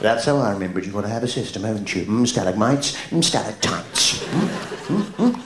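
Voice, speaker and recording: A man's voice: fairly low pitch, expressive, fairly quick, a crowd in the background. A man performing an absurdist stand-up comedy routine on stage, full of quizzical questioning hums. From England. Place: theatre stage. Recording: live show with roomy echo and audience noise.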